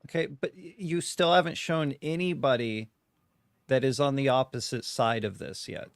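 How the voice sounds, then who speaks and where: A man's voice: medium pitch, moderate pace, dry recording. A man hosting an open mic show, bluntly pressing a caller to back up his claims. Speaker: host. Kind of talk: debate, challenging a caller.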